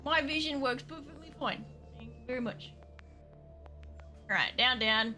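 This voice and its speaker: A woman's voice: high voice, measured pace, sharp tone, faint music behind. A woman streaming a video game, muttering to herself, swearing freely and humming little nonsense tunes while she plays. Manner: hums and sings nonsense sounds while playing. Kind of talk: live gameplay commentary.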